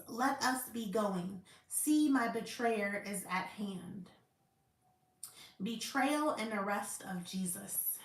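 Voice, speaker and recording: A woman hosting a Bible study, reading scripture aloud carefully and deliberately, now and then stumbling over a word and correcting herself. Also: mid-range voice, fairly bright tone. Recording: roomy echo.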